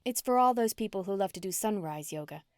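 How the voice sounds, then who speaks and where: A woman's voice: mid-range voice, expressive, fast talker, a little mellow, no room sound, studio quality, close to an everyday voice. A woman reading the lines of an upbeat, lean female yoga enthusiast who speaks casually and cheerfully.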